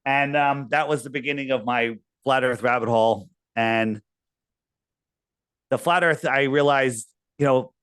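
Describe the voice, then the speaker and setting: A man's voice: mid-range voice, fairly bright tone, dry recording. A man being interviewed, talking casually and telling a long, rambling story with quoted asides. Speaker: podcast guest.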